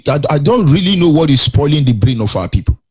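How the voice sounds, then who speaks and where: Husky Nigerian man, indignant radio host. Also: a little high, very animated, fast talker, a little mellow. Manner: indignant, repeats phrases and rhetorical questions, sing-song lilt. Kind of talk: impassioned radio commentary.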